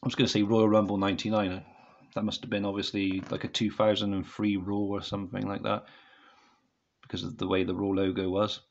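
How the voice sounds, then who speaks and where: A man's voice: on the low side, little pitch movement, a little fast, vocal fry, lo-fi sound. A man casually reviewing a wrestling DVD set to camera at home, rambling and often apologising to viewers. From United Kingdom.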